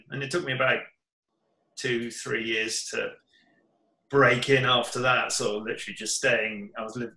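A man's voice: mid-range voice, sharp tone. A man in his fifties from England, a comic artist guest telling his story in a rambling way, full of ums and restarts. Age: 50s. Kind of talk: casual chat. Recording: roomy echo.

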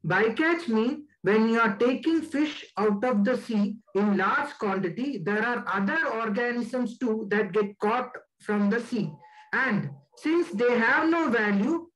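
A man giving a slide presentation as a guest speaker, deliberate and stressing key words. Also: very high-pitched, animated, a bit bright, poor audio.

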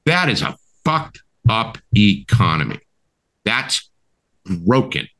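Co-hosting a podcast, a man rants slowly in a fairly bright voice that sits on the low side but swings widely in pitch. He's heated and emphatic, swears a lot, and keeps asking "right?"

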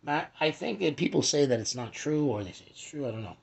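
A young man hosting an astrology talk in a casual, rambling way, swearing and jumping between shouts and whispers as he acts out quotes. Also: on the high side, expressive, fairly quick, vocal fry, husky.

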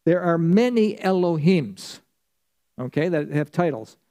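A man leads a church Bible study with a mellow, warm tone set a little high for a man. He talks conversationally, puts questions to the class and then answers them himself. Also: lively intonation, measured pace. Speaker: pastor.

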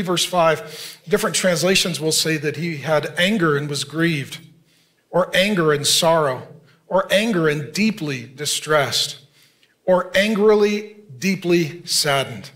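High-voiced man preaching a sermon. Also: unhurried, fairly bright tone. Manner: earnest preaching, reads scripture aloud, addresses the congregation directly. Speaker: pastor.

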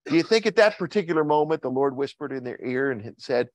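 A man's voice: mid-range voice, expressive, fast talker, hardly any pauses, no room sound. A man preaching a sermon as pastor, reading scripture in King James wording and asking the congregation questions.

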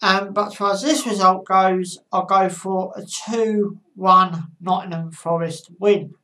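A woman talks through her football match predictions at a slow, unhurried pace, stopping often to gather her thoughts. Her voice sits at a mid pitch and sounds slightly distant from the microphone. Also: steady tone, pushed and bright. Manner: halting, with frequent pauses and fillers. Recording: voice a bit far from the mic.

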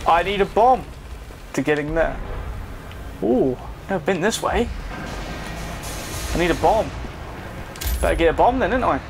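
A man giving chatty, excitable live commentary while playing a video game, talking to his viewers and swearing now and then. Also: high-pitched, unhurried, gravelly, pauses often, over music. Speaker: gaming video host. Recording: commentary over loud game gunfire.

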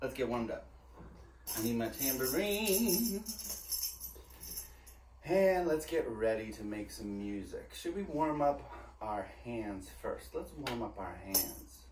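A man's voice: lowish voice, big pitch swings, a little slow. A young man teaching a virtual preschool music class, leading children in an upbeat, sing-song way. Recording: echoey room, mic at a distance, music.

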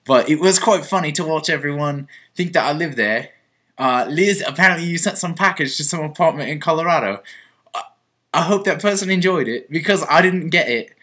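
Bright-voiced young man rambling in a mock confession. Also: fairly high pitch, expressive, brisk. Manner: rambling, mock-earnest with stammered restarts. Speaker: vlogger on a group channel. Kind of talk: comic mock-confession vlog.

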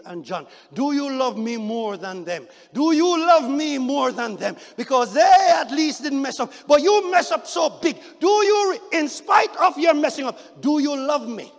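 A man preaching who acts out Jesus questioning a disciple in a loud, rising, insistent voice. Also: very high-pitched, lively intonation, unhurried, gravelly, few pauses, in a large hall, pitched above the performer's own voice, exaggerated voice. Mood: pleading, pressing. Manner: loud, rising, emphatic repetition. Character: Jesus, pressing and probing questioner.

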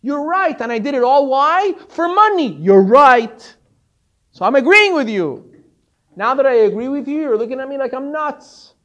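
A man voicing a remorseful businessman who pleads loudly and exasperatedly with his teacher. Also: very high voice, animated, normal speed, lo-fi sound. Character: remorseful middle-aged businessman, pleading and bewildered.

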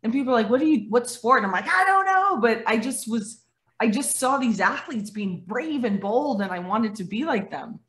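A former athlete in her forties, from Dominica and raised in Canada, speaks as a guest on a video call in a fairly high voice at normal speed. She is an animated storyteller who acts out the voices in her stories and laughs often.

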